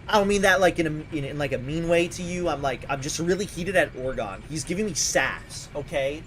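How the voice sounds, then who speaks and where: A man's voice: on the high side, lively intonation, brisk, few pauses, slight background noise. A man streaming a video game, chatting casually and playfully trash-talking the characters on screen in a mocking, sing-song way. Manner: mocking sing-song taunting, jumps between loud and mumbled. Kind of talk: casual gaming commentary.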